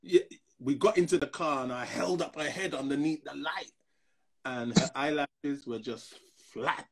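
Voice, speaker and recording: A man's voice: a little high, a little slow, slight background noise. A man in his fifties, a pastor, telling personal stories in a casual discussion and acting out the other people in them. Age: 50s. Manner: animated storyteller who acts out other people's voices.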